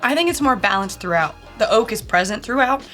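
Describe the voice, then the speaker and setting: A woman's voice: fairly high pitch, animated, fairly quick, sharp tone, faint music behind. A woman co-hosting a casual tasting chat, thoughtfully searching for the right descriptive words. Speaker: co-host.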